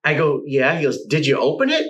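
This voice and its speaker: A man's voice: fairly high pitch, a little fast, rough recording. Middle aged guy telling stories in an interview, laughs a lot, swears some. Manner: animated, swearing, laughing often while telling anecdotes. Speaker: guest artist. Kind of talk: casual storytelling interview.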